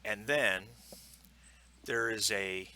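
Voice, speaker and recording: Casting: male game master, very bright, relaxed rule explainer with fillers. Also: on the low side, drawn-out words. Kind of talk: narrating a tabletop game.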